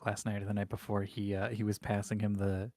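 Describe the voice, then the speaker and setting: A man with a fairly low voice talks casually and offhandedly on a stream. The sound is close and dry, with no room around it. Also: completely flat delivery, fast talker, a little mellow, no room sound.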